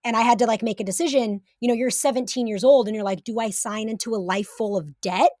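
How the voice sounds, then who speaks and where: A woman's voice: fairly high pitch, quick pace, a little mellow, dry recording, studio quality. A woman guest talking casually on a podcast, chatty and swearing freely, with many fillers. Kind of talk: casual chat.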